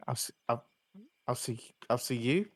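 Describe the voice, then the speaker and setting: A man's voice: mid-range voice, lively intonation, moderate pace, lightly acted. A man voicing a confident young female demigod chess rival with a put-on English accent, talking cockily between fillers. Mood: boastful. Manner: cocky, hesitant fillers.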